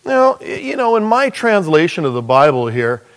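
A man preaching a sermon, animated and jokey, acting out bits of dialogue as he goes. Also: a little high, moderate pace. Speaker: pastor.

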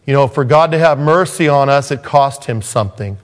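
Preacher guy giving a sermon, gets loud then goes real quiet. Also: medium pitch, brisk. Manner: dramatic swings from raised intensity to hushed softness. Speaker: pastor.

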